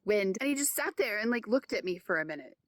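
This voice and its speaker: A woman vlogging outdoors at a campsite, talking fast and excitedly, laughing often. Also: medium pitch, slight background noise. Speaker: van life vlogger. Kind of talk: casual chatty vlog.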